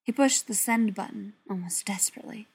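A woman reading a story aloud in a soft, often half-whispered voice. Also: mid-range voice, brisk, vocal fry, husky. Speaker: narrator. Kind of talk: audiobook narration.

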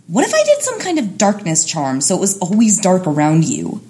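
A woman's voice: on the low side, huge pitch swings, moderate pace, dark tone. A woman voicing a bubbly, teasing young woman magician in a fan audio drama, chirpy and playful.

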